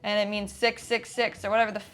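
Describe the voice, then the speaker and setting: A woman's voice: mid-range voice, flat delivery, fast talker, fairly bright tone, soft background music. A woman hosting a comedic reaction video, chatty and sarcastic with playful asides. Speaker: host.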